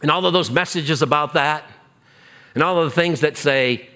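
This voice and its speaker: A man preaching a sermon as pastor, emphatic and repetitive, dropping to a hush on key phrases. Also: on the high side, moderate pace, clean tone.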